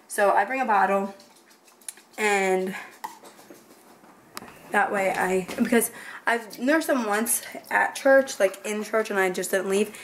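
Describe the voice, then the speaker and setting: A young woman with a hoarse, fading voice, chatting to a handheld camera at home as a family vlogger. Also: medium pitch, a little hiss or hum. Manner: chatty and rambling, with many asides. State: hoarse, losing her voice. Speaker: family vlogger, mother of a baby. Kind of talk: casual vlog chat to camera.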